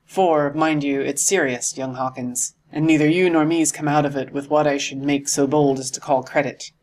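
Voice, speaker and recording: A man's voice: on the high side, steady tone, moderate pace, a little mellow, lightly acted. A man reading aloud and voicing a jovial one-legged old sea cook who talks in salty sailor slang, in an audiobook. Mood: mock-serious.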